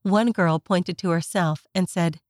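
Gentle low-voiced woman reading a children's story. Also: steady tone, unhurried, dry recording. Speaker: narrator. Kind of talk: scripted narration of a children's story.

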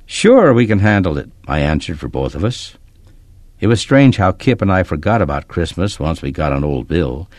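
Reading at a normal speed, this narrator tells a storybook tale steadily and expressively. His voice is very deep but lively in its rises and falls, captured dry and close without room sound or echo.

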